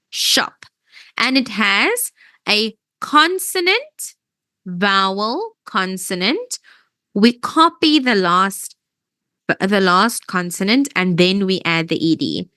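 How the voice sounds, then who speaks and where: A woman's voice: mid-range voice, sing-song, slow, sharp tone, no room sound. A woman teaching English grammar in an online lesson, explaining patiently step by step and often checking that students follow.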